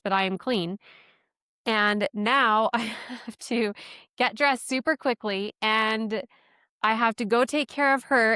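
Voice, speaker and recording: A podcast host with a fairly high, pushed, bright voice that is clear and resonant tells a personal story, chatty and self-deprecating, laughing often. The recording is dry with clean studio sound.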